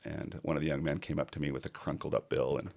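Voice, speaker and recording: A man's voice: very deep voice, fairly even intonation, fast, creaky, a little mellow. A middle-aged man, a podcast guest, telling a personal story in earnest and acting out other people's lines.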